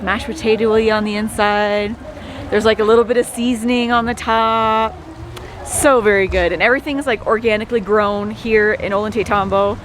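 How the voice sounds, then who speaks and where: A woman's voice: fairly high pitch, a little hiss or hum. A woman travel vlogger narrating casually on a hike, chatty and laughing easily. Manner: chatty, laughs often, enthusiastic. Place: outdoors on a hike, then in town.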